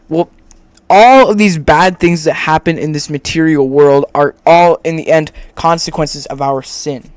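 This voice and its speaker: A man's voice: fairly high pitch, fairly even intonation, a little slow, clear, resonant tone, dry recording. A man making a video, reading a script he wrote and explaining an argument while he draws, rambling and often breaking off to restart. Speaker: video creator. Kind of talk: scripted argument over screen drawing.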